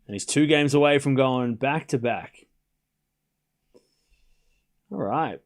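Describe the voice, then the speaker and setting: A medium-pitched man hosts a live tennis watchalong stream, first chatting loosely and rambling to his viewers. He then switches to rapid shot-by-shot play-by-play of the rallies, his excitement rising when big points get tense.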